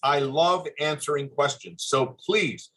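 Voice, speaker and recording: An older man giving a formal webinar presentation over a video call, speaking in an earnest, measured and courteous way. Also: a little high, a bit bright, poor audio. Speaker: webinar presenter, former admissions dean.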